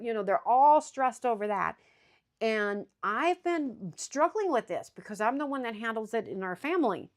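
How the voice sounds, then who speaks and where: A woman's voice: a little high, lively intonation, moderate pace. A woman co-hosting a casual chat, candid and worried, talking through her own stress. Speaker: co-host.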